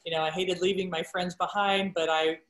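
A middle-aged woman, a sportscaster and guest, telling stories about her career in a casual chat and acting out the quoted dialogue with lively energy. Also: fairly low pitch, normal speed. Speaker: guest broadcaster. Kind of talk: casual storytelling interview. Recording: roomy echo.

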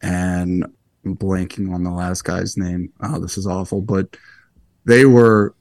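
A young man with a low voice talks as a guest in a casual interview. He rambles easily and pokes fun at himself. The recording is close and dry, with no room echo. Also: slow pace. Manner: relaxed, rambling, self-deprecating. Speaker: guest golfer.

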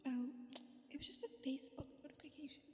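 High-voiced woman rambling from bed. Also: fairly even intonation, fast, dark tone, roomy sound, big-room sound. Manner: rambling, sweary, often whispering. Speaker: podcast host. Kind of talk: casual rambling chat. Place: bedroom, lying in bed. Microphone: phone.

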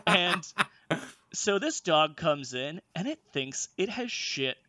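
A man's voice: on the high side, slow pace, no echo. A man telling a workplace story on a casual chat show, swearing often and laughing as he goes. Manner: profane, animated, laughing while telling. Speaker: storyteller on a comedy podcast.

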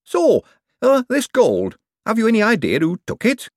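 A man reading an audiobook and voicing a nervous young male bank clerk with a high, quavering voice. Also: huge pitch swings, moderate pace, dry recording, clean studio sound, full character voice. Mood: fretful.

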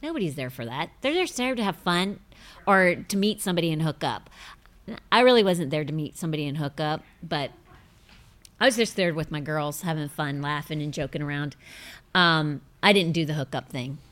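A middle-aged woman hosting a casual chat show, rambling through self-mocking stories. Her voice is bright and lively, jumping up and down in pitch. She breaks into high laughing fits. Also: moderate pace. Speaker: host.

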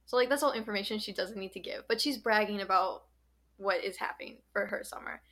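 A woman's voice: medium pitch, fast, bright, forceful tone. Chatty young woman podcaster. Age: young adult. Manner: chatty, lots of "like" and "um". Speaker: podcast co-host. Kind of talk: casual podcast chat.

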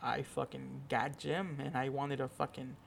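A man's voice: medium pitch, fairly even intonation, measured pace, vocal fry, slight background noise. A young man hosting his own podcast, telling a rambling, profane, self-deprecating story in a casual solo chat. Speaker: podcast host.

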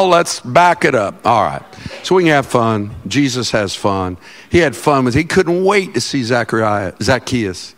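A male pastor preaching a sermon in a church, joking with the congregation and breaking into loud, animated outbursts. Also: mid-range voice, unhurried. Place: church sanctuary.

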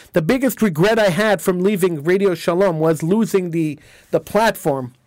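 A man with a high-pitched voice hosts a talk radio show, talking emphatically and with indignation, often stumbling over and repeating his words. The sound is dry and close, with almost no room around him. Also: a little mellow, no echo.

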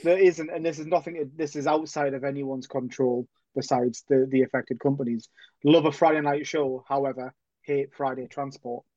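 A man's voice: mid-range voice, steady tone, moderate pace, mellow, no room sound. Man, muffled, wry repeater. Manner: wry, repeats his own lines. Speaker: podcast co-host. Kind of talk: casual chat. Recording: dull lo-fi sound.

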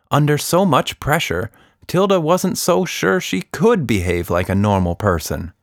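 A man reading a children's story aloud with expressive narration. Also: deep voice, normal speed, dry recording, studio quality.

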